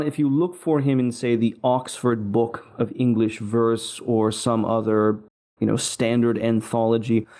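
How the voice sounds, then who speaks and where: Male poetry host, mellow voice, measured and hesitant lecturing tone. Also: medium pitch. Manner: measured, thoughtful, with frequent ums and uhs. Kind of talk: unscripted spoken lecture on a poem.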